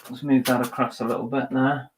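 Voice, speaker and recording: A man's voice: mid-range voice, level tone, brisk, background noise. A man from Manchester, England, chatting casually on a live stream while listing items, muttering to himself and tossing asides to viewers. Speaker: eBay reseller streaming live. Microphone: webcam.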